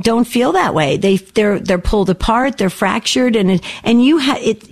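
A woman's voice: a little high, a little mellow. A woman hosting a call-in show, affectionate and encouraging with her callers. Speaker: radio host. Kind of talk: call-in radio talk.

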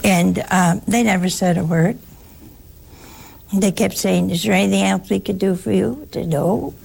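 An American woman, a nun, giving a chatty talk to an audience, telling stories with animated asides. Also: mid-range voice, normal speed, gravelly, slight background noise. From United States. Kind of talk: casual spoken talk to an audience.

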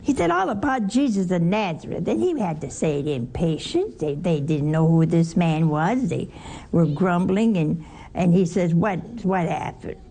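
A woman teaches a Bible study with liveliness, putting questions to her listeners and adding wry humor. Her voice is on the low side and her pace moderate.

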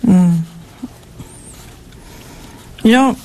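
A woman giving a conversational sermon in a folksy way, asking her listeners rhetorical questions and jumping up in pitch for emphasis. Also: extremely slow, mellow. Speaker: preacher.

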